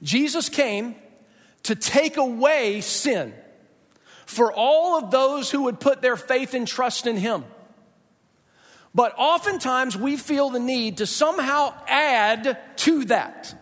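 A man preaches a sermon in an emphatic, conversational way and leans on dramatic pauses. His voice sits unusually high for a man. The sound carries a long reverb, as if it were recorded in a church sanctuary. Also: lively intonation, a bit bright. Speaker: pastor.

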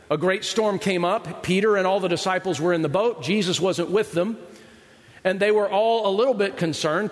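A man preaches to a live congregation in a relaxed, talky way, often tossing out a quick question to the room. His voice sits high. A long hall reverb trails behind every phrase. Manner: conversational, asks the audience "right?"; acts out quoted voices of Bible figures. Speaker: pastor. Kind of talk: sermon.

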